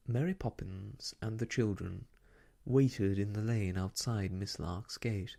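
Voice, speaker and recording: A storyteller giving a slow, gentle, lilting soft-spoken ASMR reading of a classic book. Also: low-pitched, gravelly.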